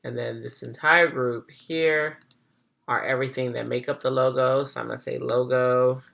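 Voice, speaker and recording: A design instructor talking through a software tutorial in a casual, chatty way, thinking aloud and correcting themself as they go. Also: mid-range voice, steady tone, moderate pace, creaky.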